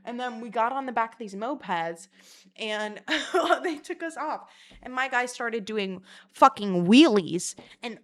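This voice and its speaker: A young woman telling wild personal stories in a casual vlog, crude and animated, slipping into mocking voices. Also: fairly high pitch, unhurried. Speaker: vlogger.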